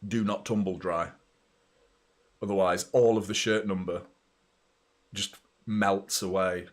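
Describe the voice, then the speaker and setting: A middle-aged man, hosting a live football watchalong, chatting and reacting loudly to the play, with some swearing. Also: low voice, steady tone, takes it slowly. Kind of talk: live match watchalong commentary.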